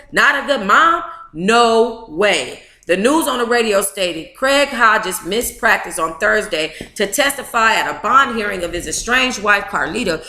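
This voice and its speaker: A woman's voice: fairly high pitch, sharp tone, echoey room. A woman reading a memoir aloud to a live book club chat, emotive and blunt, with profane asides.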